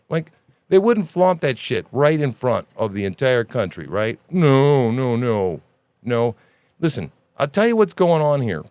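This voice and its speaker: A man hosting a news commentary podcast, ranting in an animated, sarcastic and profane way. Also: mid-range voice, normal speed, no echo. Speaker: podcast host.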